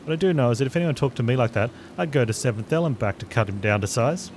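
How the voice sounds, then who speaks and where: A man's voice: mid-range voice, animated, very fast, slight background noise, natural voice. A man reading as a brash, scornful warrior woman. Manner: blunt, mocking, swaggering. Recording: loud game music behind.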